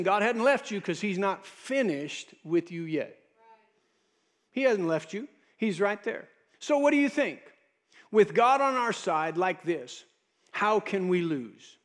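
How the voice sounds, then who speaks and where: A male pastor preaching a sermon, emphatic and repeating words for stress. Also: sits high.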